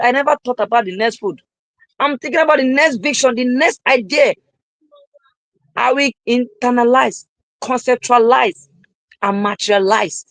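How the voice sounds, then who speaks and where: A young man giving a live-streamed motivational talk, repeating his lines emphatically and rising at times to shouts. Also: extremely high pitch, dry recording, low-quality recording. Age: young adult. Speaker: motivational speaker.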